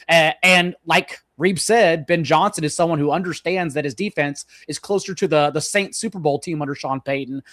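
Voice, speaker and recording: A man's voice: a little high, a bit bright. A man in a casual sports chat giving enthusiastic opinions and repeating words as he starts sentences. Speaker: sports analyst guest.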